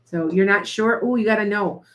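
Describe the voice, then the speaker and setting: A woman's voice: medium pitch, moderate pace, a bit bright. A woman giving live tarot readings to viewers, talking in a chatty, repetitive, coaching way. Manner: chatty, repeats herself, coaching tone. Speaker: tarot reader.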